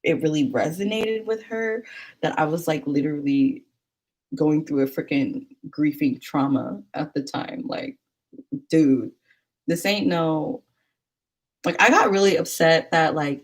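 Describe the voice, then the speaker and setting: A woman's voice: sits low, a little slow. A woman telling stories in casual chat, rambling and chatty with many fillers.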